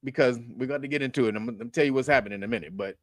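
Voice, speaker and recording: A man's voice: medium pitch, rapid-fire, no echo. A man hosting a casual commentary show, talking bluntly and profanely, laughing often and rambling with restarts.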